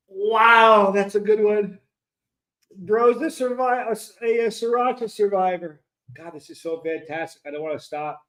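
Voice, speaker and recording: Giggly high-voiced man reading chat. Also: measured pace, fairly bright tone. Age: 50s. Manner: laughing often, delighted, reading comments aloud. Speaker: streamer reading chat comments. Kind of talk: casual live-stream chat.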